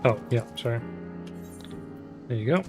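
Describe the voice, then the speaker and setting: A man chatting casually with friends over a game. He keeps cracking jokes and laughing. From time to time he reads on-screen story text aloud, at a mid pitch. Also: lively intonation, unhurried, music in the background. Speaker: streamer playing an online game with friends. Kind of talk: casual gameplay chat.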